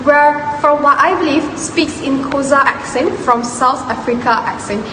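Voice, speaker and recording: A young woman with a high-sitting voice gives a class presentation on phonetics at a normal speed. She reads from a prepared script, making some slips, and the student's talk is captured in an echoey room with long reverb and noise.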